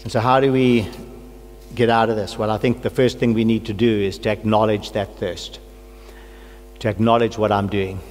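A man's voice: lowish voice, flat delivery, normal speed, darkish tone. A middle-aged man who is a pastor, preaching a personal sermon with earnest, fervent prayer and a cold. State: has a cold. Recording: long hall reverb, faint hum.

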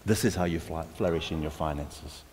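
Deep-voiced male pastor preaching in a hall. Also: normal speed, a little mellow, a little hiss or hum. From South Africa. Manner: emphatic, exhorting, with repeated restarts. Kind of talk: sermon. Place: church hall. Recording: long hall reverb.

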